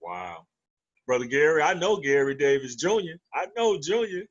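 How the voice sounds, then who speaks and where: A man's voice: a little high, sing-song, moderate pace, dull audio. A man moderating a panel discussion who addresses each guest as brother and answers with short affirmations.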